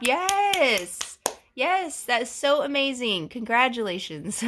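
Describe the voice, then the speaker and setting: A woman's voice: fairly high pitch, lively intonation, takes it slowly, background noise. A woman, hosting a casual livestream, reading comments aloud in a chatty, giggly, gushing way. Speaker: livestream host.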